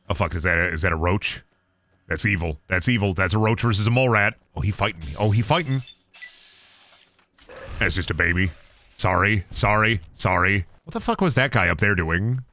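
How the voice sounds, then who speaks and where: A man streaming a video game, chatting casually and reacting loudly, joking and swearing as he plays. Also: fairly low pitch, normal speed, no echo. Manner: excitable, swearing, joking to himself. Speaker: gaming streamer. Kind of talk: casual gameplay commentary.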